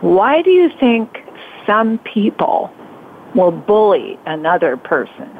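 An older woman hosting an internet radio talk show, chatting in a halting way with a Pacific Northwest accent and laughing often. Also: mid-range voice, big pitch swings, narrow, tinny audio, a little hiss or hum. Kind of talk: casual interview chat.

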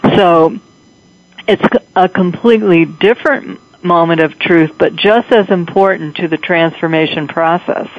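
A woman appearing as a guest on a radio talk show, explaining a work method in a measured way with some fillers. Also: lowish voice, muffled recording. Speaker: guest consultant.

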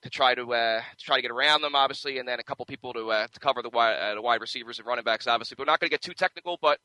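Fast-talking bright-voiced sports radio host. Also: male voice, medium pitch, poor audio. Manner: rambling, many restarts and fillers. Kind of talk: casual sports radio banter.

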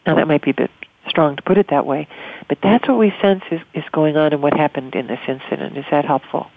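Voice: mid-range voice, no room sound. Soothing spiritual guide on a tinny line. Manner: slow, soothing, speaks as a collective "we". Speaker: radio host and channeler. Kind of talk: guided spiritual counseling on a call-in show.

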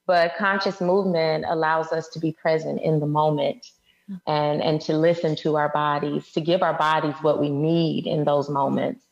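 Low-voiced woman with some fry, earnest guest talking slow, kinda dull lo-fi sound. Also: little pitch movement. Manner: earnest, reflective, speaks with feeling. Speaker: guest, movement and Reiki facilitator. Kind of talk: casual interview.

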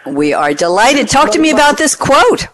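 A woman's voice: sits high, sing-song, moderate pace, a bit bright, dry recording. Upbeat woman radio host. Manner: upbeat, emphatic, spells out names letter by letter. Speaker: radio show host and moderator. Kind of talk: scripted radio show opening.

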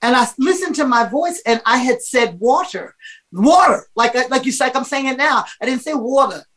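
A middle-aged woman, a singer and guest, telling stories in a casual interview, animated and laughing often. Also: high-pitched, fairly quick, rough recording.

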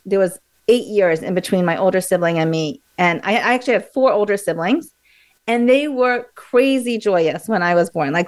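A woman with a mid-range voice appears as a radio interview guest, animatedly explaining memory techniques. She often uses fillers and restarts her sentences.

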